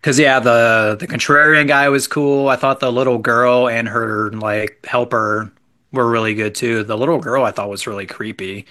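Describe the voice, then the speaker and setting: A man's voice: mid-range voice, steady tone, moderate pace, sharp tone. A man casually chatting as a podcast co-host, giving an easygoing, enthusiastic movie review. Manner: easygoing, enthusiastic reviewer with loose filler words. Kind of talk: casual chat.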